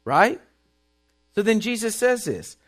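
A man's voice: high-pitched, sing-song, takes it slowly, a bit bright. A man preaching a sermon in an emphatic, folksy way, repeating his points and reading Bible verses aloud.

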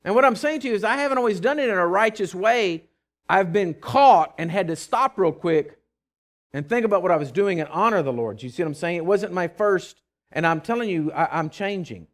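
Emphatic preaching man, slightly high voice. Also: lively intonation, a little fast. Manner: emphatic storytelling, swings from loud declarations to quiet asides; frequent stammered restarts. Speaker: pastor. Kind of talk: sermon.

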